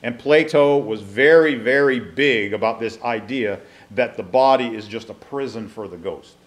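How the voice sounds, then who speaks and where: A man leads a Bible class in an even, mid-pitched voice. He reads scripture passages aloud, then stops to explain them, often restarting his sentences as he teaches. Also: normal speed.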